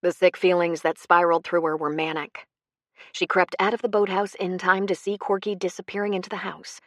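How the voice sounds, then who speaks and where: A woman's voice: fairly low pitch, flat delivery, fairly quick, dry recording, clean studio sound. A woman narrating a tense audiobook in a dramatic storytelling manner. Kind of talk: scripted narration.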